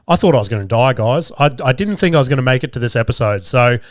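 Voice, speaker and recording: Getting over a cold and sounding a bit nasal, this male podcast host in his 30s rambles through casual comedy chat full of crude, profane humor. His mid-range voice is expressive and quick, recorded close and dry with no room sound.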